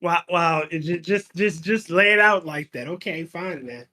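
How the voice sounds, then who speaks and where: High-voiced man, stammering and rambling. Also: normal speed, sharp tone. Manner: rambling, stammers and repeats words. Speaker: podcast co-host. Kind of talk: casual podcast chat.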